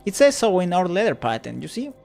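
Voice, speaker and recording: A man's voice: high voice, big pitch swings, fast talker, vocal fry, a little mellow, soft background music, heavily acted. Man putting on a sing-song female clerk. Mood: cool, polite. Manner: trilling sing-song delivery. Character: sing-song, rehearsed female receptionist clerk, polite and bureaucratic. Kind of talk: reading game dialogue aloud.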